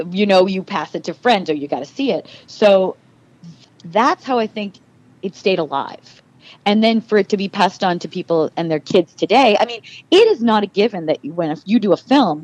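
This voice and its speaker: A middle-aged actress chatting as a podcast guest, telling animated stories and acting out quoted dialogue. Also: female voice, medium pitch, normal speed, poor audio. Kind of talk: casual interview.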